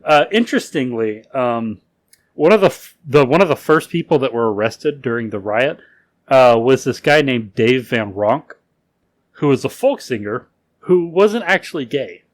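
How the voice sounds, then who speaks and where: A man's voice: medium pitch, lively intonation, moderate pace. A man co-hosting a podcast, telling a history story in a casual way, laughing often and using loose fillers. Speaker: podcast co-host.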